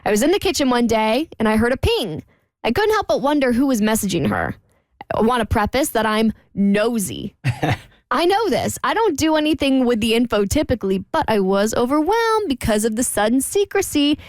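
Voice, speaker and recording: Woman, show co-host, reading a listener letter, lively and chatty, fairly high voice, dry close sound. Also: moderate pace, dry recording. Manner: lively, chatty, laughs between lines.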